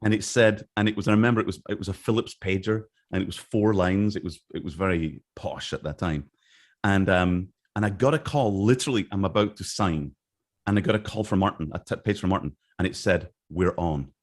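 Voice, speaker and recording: A man's voice: low-pitched, brisk. A middle-aged man from England telling stories in a casual interview, rambling with restarts and acting out the dialogue he recalls. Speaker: interview guest, game artist.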